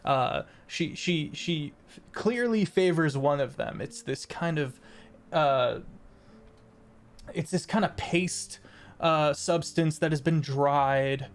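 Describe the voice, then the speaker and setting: A woman's voice: low voice, takes it slowly. A woman narrating a tabletop role-playing game as game master, casual with many fillers.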